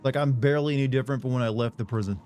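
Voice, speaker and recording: A man's voice: mid-range voice, fairly even intonation, a little mellow, faint music behind. Rambling, swearing male streamer. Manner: rambling, rapid filler-heavy chatter with swearing. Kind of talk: casual live stream chat.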